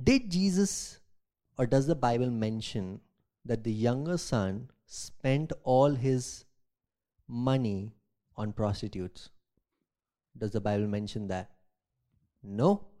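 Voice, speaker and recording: A man's voice: takes it slowly, pauses often. Man preaching a sermon, emphatic and questioning. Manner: reads scripture aloud then comments, rhetorical questions; swings between loud emphatic and quiet lowered delivery. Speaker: pastor. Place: church.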